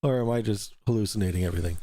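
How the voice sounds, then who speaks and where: A man's voice: fairly low pitch, very fast, warm tone. A man hosting a casual livestream, reading out super chats in a loose, rambling way, swearing freely and laughing often. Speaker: livestream talk show host.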